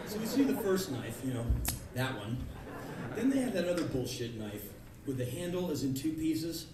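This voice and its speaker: A man in his thirties giving a sarcastic, ranting spoken word monologue on a club stage, acting out the people he mocks with sudden shouts. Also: on the high side, big pitch swings, normal speed, heavy background noise. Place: large concert club stage. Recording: echoey live club recording from a distance, crowd laughter.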